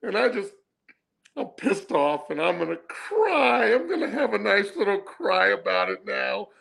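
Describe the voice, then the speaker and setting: A man's voice: sits high, steady tone, a little slow, voice pushed up. A man mocking a whiny, crying male football quarterback with exaggerated wailing complaints. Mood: mock sobbing. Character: sobbing, whiny male pro quarterback mocked.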